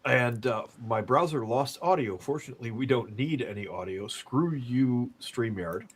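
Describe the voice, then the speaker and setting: A man's voice: medium pitch, animated, normal speed, husky. A man from the Upper Peninsula of Michigan hosting a casual podcast, making wry jokes. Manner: wry, joking commentary. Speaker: podcast host.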